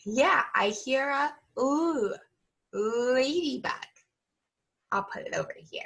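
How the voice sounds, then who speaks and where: A woman teacher leading an early-reading lesson for young children, slow and patient, stretching out each sound. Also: sits high, creaky, pushed and bright.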